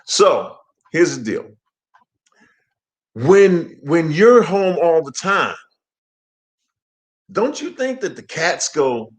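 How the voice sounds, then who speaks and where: Male co-host with a fairly high voice and lively pitch, rambling and joking. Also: very slow, pauses often. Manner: rambling, animated, repeats himself. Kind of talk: casual comedic chat.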